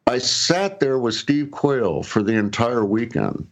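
A man's voice: mid-range voice, expressive, measured pace. Rambling man telling a story. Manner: rambling, chuckling, with many fillers and restarts. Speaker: guest telling his story. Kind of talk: casual storytelling.

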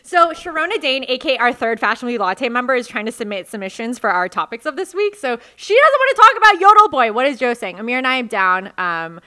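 A young woman co-hosting a casual chat show, excitable and gushing, quick to giggle. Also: on the high side, smooth. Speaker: co-host.

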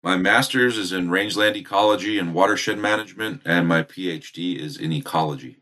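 A man's voice: deep voice, brisk, pushed and bright. A man from New Jersey, an ecologist, answering interview questions in a plain, matter-of-fact way. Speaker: ecologist guest.

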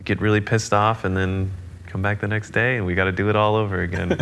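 A lower-pitched man with a bright, forceful tone tells an animated story in a casual interview. He laughs easily and acts out the other people in his story. A faint hiss of noise sits behind him. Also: fairly quick, creaky. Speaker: guest drummer.

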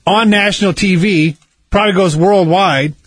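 A man's voice: high-pitched, normal speed, no echo. A man in casual chat, rambling through a conspiracy story with heavy swearing and insisting he is right. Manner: insistent, argumentative.

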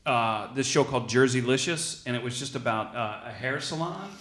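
Guest voice: a man from Philadelphia with a mid-pitched voice, sardonic, restarts his sentences, recorded in a roomy space. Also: lively intonation, normal speed, fairly bright tone. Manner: wry, repeats words when starting. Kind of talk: casual chat. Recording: roomy, echoey room sound.

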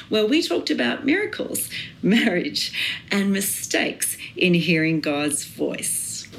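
A woman's voice: mid-range voice, a little hiss or hum. A woman hosting a faith podcast, introducing her guest and asking questions in an upbeat way. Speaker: podcast host and pastor. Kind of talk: podcast interview.

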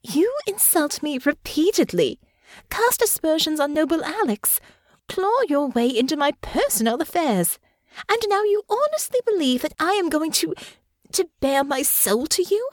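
A proud young noblewoman, played by a woman narrator, her voice climbing high and swinging widely. She speaks sharp and bitter in a storybook reading. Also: very animated, a little slow, husky, no echo, studio quality, full character voice. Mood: indignant.

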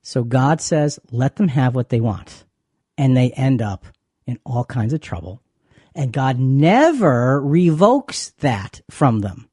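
A man's voice: mid-range voice, sing-song, slow pace, warm tone, breathy edge, no echo, clean studio sound. A man co-hosting a faith talk show, chatty and given to repeating words as he explains. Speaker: co-host.

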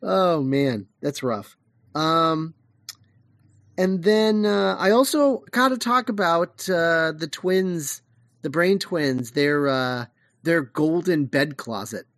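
Podcast co-host, casual chat, excitable and giggly, swooping pitch, dry close sound. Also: slow pace, no room sound. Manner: excitable, laughing, talks in fits and starts.

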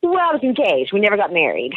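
An actress and author, interviewed on radio about her writing and career, answers candidly and rambles with many fillers and restarts. She talks fast at a medium pitch that swoops wildly, her voice slightly rough, on a dry, narrow-band, phone-like recording with no room sound.

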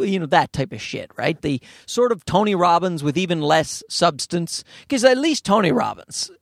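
A man talks through a loose solo podcast, his voice pitched high with a gravelly fry. He rambles from story to story, swearing freely and tossing in sarcastic asides. The sound is dry, with little room around it. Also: very animated, normal speed, few pauses, dry recording. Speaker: podcast host. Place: outdoors or by a road, talking into a microphone.

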